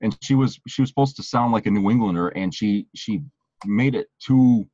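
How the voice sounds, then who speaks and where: A man from Maine co-hosting a casual podcast chat, talking haltingly with many "uh" and "you know" fillers. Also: lowish voice, mellow, no room sound, lo-fi sound. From Maine, USA. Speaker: podcast co-host.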